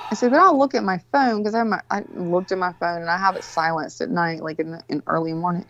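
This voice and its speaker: A woman's voice: fairly low pitch, steady tone, fast talker, hardly any pauses, a bit bright, muffled recording, a little hiss or hum. A woman telling a story in casual chat, rambling, exasperated and full of swearing.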